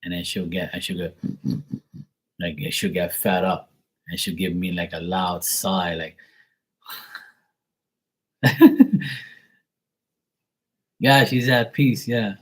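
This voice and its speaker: A man's voice: deep voice, fairly even intonation, slow pace, pauses often, a bit bright, low-quality recording. Loose, swearing man on a livestream. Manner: loose and profane, heavy on fillers like "like". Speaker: tarot reader hosting a livestream. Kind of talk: casual livestream chat.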